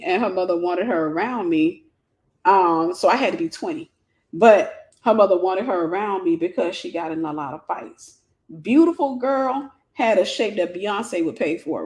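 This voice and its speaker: A woman host telling a personal story, animated and repeating phrases for emphasis. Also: mid-range voice.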